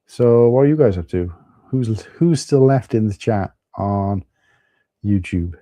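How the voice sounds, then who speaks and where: A man's voice: lowish voice, expressive, unhurried, dark tone, no room sound. A man with a Welsh accent, chatting casually with viewers as host of a live stream, calling them mate.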